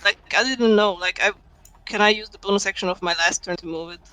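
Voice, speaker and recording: A man's voice: sits high, fairly even intonation, quick pace, a crowd in the background, poor audio. A man playing a tabletop game, sounding unsure and asking about the rules. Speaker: player.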